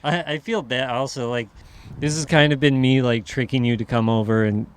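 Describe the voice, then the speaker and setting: A man hosts a podcast outdoors, chatting in a relaxed way with a dry sense of humor. His voice sits at a middle pitch, and he laughs easily. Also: fairly quick, clean tone. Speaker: podcast host. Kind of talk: casual chat.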